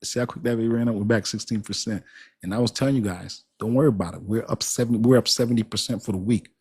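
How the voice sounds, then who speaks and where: A man's voice: on the low side, fairly even intonation, fast talker, a little mellow, breathy edge. A man hosting a casual crypto livestream, talking straight to his chat in a hyped, repetitive way. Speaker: crypto channel host.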